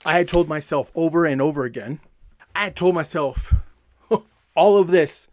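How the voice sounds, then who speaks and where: Emphatic motivational coach, fairly high voice. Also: male voice, normal speed, long pauses, dry recording. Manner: energetic, emphatic, repeats phrases for effect. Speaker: self-help coach. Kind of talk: motivational talk.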